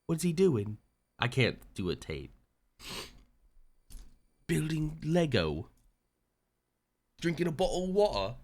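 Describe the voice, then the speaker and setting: A man's voice: a little high, very animated, takes it slowly, long pauses, darkish tone, voice pushed up, full character voice. A man doing a mocking impression of a boastful, arrogant male influencer who shows off and brags. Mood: sneering. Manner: mocking, over-the-top bragging impression.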